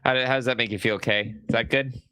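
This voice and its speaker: A man's voice: medium pitch, steady tone, fast, bright, forceful tone, clear, resonant tone, no echo. A man hosting a casual gaming podcast in a home studio, talking in a teasing, jokey way. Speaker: podcast host.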